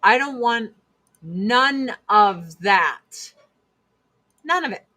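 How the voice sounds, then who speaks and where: A woman's voice: fairly high pitch, bright, forceful tone. A woman hosting a casual monologue chat, blunt and emphatic, repeating her points for force. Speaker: host.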